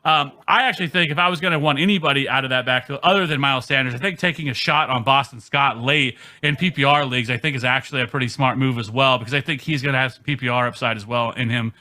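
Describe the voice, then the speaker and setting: A man hosting a casual fantasy football podcast chat, emphatic and quick, with frequent ums. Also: medium pitch, sharp tone.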